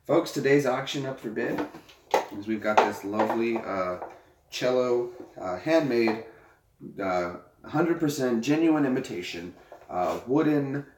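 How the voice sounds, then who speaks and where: A man's voice: medium pitch, animated, measured pace, far from the mic, noisy background. A man chatting casually with his viewers, joking and rambling between laughs. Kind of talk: casual chat. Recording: echoey room.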